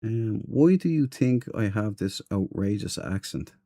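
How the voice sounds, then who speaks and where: A man's voice: fairly low pitch, lively intonation, a little slow, dark tone, no echo. A man streaming a game, chatting loosely with viewers, rambling and laughing easily. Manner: rambling, chatty, reads and answers chat. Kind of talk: casual live-stream chat.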